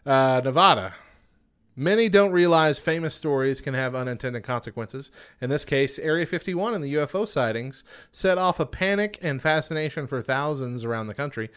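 A man's voice: on the high side, lively intonation, normal speed, a bit bright, clear, resonant tone. A man co-hosting a podcast, reading out trivia facts and joking around with frequent laughter. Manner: jokey, laughs often, reads trivia then riffs. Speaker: podcast co-host. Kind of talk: casual chat, reading facts.

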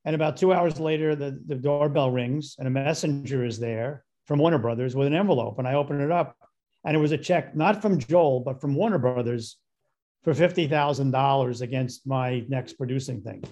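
A man's voice: mid-range voice, normal speed, darkish tone. An older man, a guest director, telling a long rambling story and acting out the voices of the people in it.

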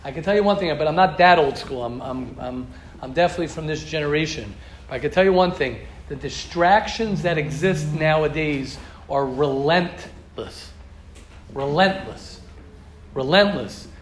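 A man's voice: on the high side, normal speed. Middle-aged American man teaching in a roomy hall. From United States. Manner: animated and repetitive, acts out quoted speech. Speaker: Torah class teacher. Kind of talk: informal religious lecture. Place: study hall with a group. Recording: roomy hall, faint ambient noise.

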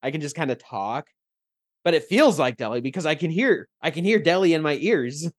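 A man co-hosting a casual podcast chat, his voice sitting a little high and swinging widely in pitch. He laughs often and sometimes loses the thread mid-sentence, all recorded close and dry. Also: fairly quick, dry recording. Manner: animated, laughs often, trails off mid-thought. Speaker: podcast co-host.

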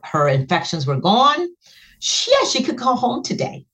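A middle-aged woman, a guest and author, earnestly telling an emotional personal story, her voice jumping high when she relives moments. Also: huge pitch swings, normal speed, fairly bright tone.

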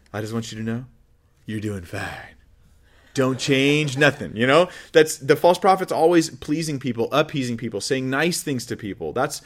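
Conversational male pastor preaching. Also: medium pitch. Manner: conversational, joking asides, acts out quoted voices. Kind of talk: sermon.

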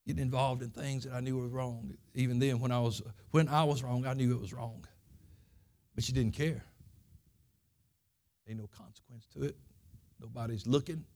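A man's voice: medium pitch, fairly even intonation, moderate pace, pauses often, darkish tone. A man preaching a Sunday school lesson, telling his own testimony in folksy, earnest, plain country speech. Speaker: pastor.

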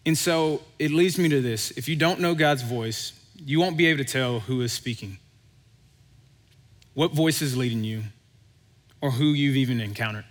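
A man preaching a sermon in an easygoing, conversational voice that livens up as he tells a story and acts out the voices in it. His voice sits at an ordinary middle pitch. A long reverb tail follows him through the hall. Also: moderate pace. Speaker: pastor.

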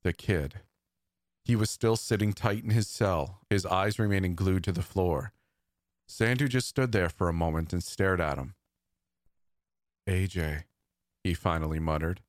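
A man narrating a first-person horror story in a steady, measured, tense reading. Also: deep voice, no room sound, studio quality.

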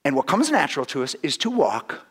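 A man preaching a sermon as pastor, animated, acting out little voices, often laughing and restarting his sentences. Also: a little high, brisk, husky.

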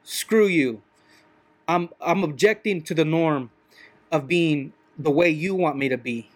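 A man's voice: fairly high pitch, a little slow. A man, a truck driver, talking in a rambling, casual monologue, often repeating "you know what I mean".

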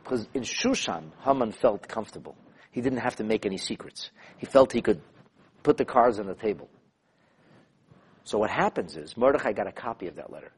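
A man who is a rabbi teaching a class, telling stories in an animated, emphatic way and repeating phrases to drive points home. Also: on the low side, brisk, breathy edge. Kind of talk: lecture with storytelling.

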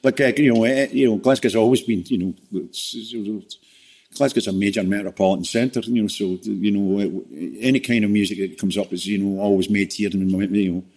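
A man's voice: lowish voice, steady tone, fairly quick, darkish tone. Rambling man in casual chat. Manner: rambling, full of "you know" fillers and restarts. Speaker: guest.

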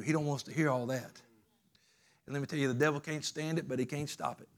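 A pastor preaches a sermon in a fairly high male voice. He swings between loud, urgent climaxes and soft, low passages, repeating his phrases for emphasis in a loose, colloquial way. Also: steady tone, fast talker.

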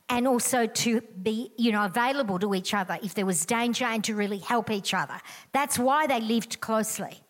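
A middle-aged woman delivers a sermon. She talks to the congregation in a chatty, emphatic way and drives her points home by repeating them. Her voice sits somewhat high for a woman. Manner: emphatic, conversational, repeats key lines. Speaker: preacher.

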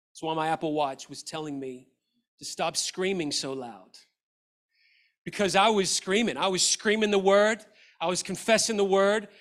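A middle-aged pastor with a high voice preaches a sermon with passion, dropping to a quiet voice whenever he quotes scripture.

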